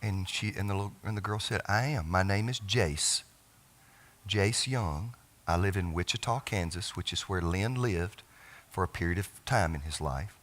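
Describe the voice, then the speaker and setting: A middle-aged pastor with a low voice recounts a personal family story as part of a sermon in a church sanctuary, starting over haltingly and letting his phrases trail softly away.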